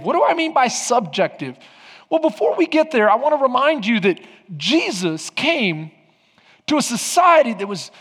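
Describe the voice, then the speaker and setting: High-voiced man preaching in a hall. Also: fairly bright tone. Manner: preaching with rhetorical questions to the congregation. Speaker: pastor. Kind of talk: sermon. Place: church sanctuary.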